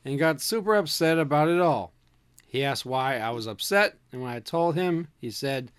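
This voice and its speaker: A woman's voice: low-pitched, lively intonation, normal speed, clean tone. A woman co-hosting a casual chat, reading out funny stories and laughing often. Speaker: co-host.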